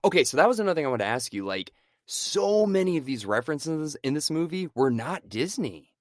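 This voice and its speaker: A man co-hosting a casual movie-review podcast, animated and quick to laugh, tossing in quoted lines. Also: a little high, no echo, studio quality. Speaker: podcast co-host.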